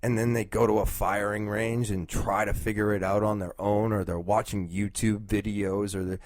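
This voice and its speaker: Rambling low-voiced man hosting a solo podcast. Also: level tone, normal speed, no room sound. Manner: rambling, thinking aloud with fillers. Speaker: podcast host. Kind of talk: casual solo talk.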